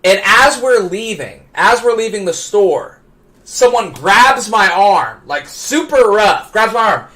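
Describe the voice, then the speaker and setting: A man with a high, tense and bright voice tells a story on his live stream. He gets excited, trips over his own words, and climbs toward shouting as the story builds. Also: slow. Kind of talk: animated anecdote telling.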